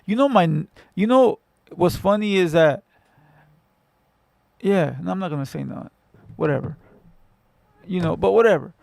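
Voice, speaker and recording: A man's voice: high-pitched, normal speed, gravelly, pauses often, darkish tone, no room sound. A man from Southern California hosting a casual livestream, telling stories bluntly with lots of profanity and street slang. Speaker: livestream host. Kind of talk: casual livestream chat with viewers.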